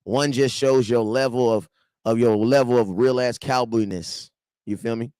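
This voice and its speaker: A man in his thirties hosts a loose livestream fan show. He greets viewers, repeats himself and banters in easy slang. His voice sits at an ordinary pitch and is recorded dry and close to the mic. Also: steady tone, normal speed, darkish tone, no echo. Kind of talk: casual livestream chat.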